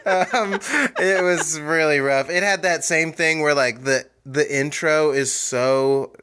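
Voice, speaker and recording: A man co-hosting a movie podcast, animated and laughing as he mockingly retells a horror film. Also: a little high, takes it slowly, slight background noise. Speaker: podcast co-host. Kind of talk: casual movie review chat.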